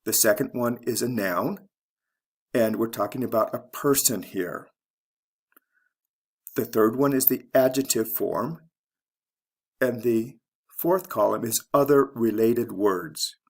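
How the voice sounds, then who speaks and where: A man teaching English pronunciation, explaining word stress slowly and deliberately and spelling out letters one by one. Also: medium pitch. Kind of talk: slow instructional explanation.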